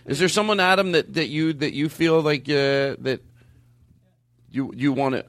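A man's voice: a little high, normal speed, fairly bright tone. A man hosting a podcast, effusive and rambling, with many restarts. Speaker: podcast host. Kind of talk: casual podcast chat.

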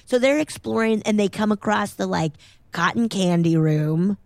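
A woman's voice: moderate pace, vocal fry, no echo, clean studio sound. A woman co-hosting a casual podcast chat, retelling a movie and acting out the characters in exaggerated voices. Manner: animated, acts out characters in high exaggerated voices. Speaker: podcast co-host.

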